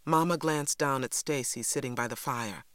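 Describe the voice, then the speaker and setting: A woman narrating an audiobook in a steady, measured storytelling voice on a close studio mic. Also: extremely low pitch, no echo. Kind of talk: scripted narration.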